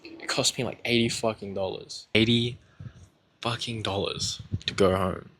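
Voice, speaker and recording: A man's voice: fairly low pitch, steady tone, unhurried, fairly bright tone, slight background noise. A young man telling his own story in a casual, rambling way, candid, with lots of fillers and swearing.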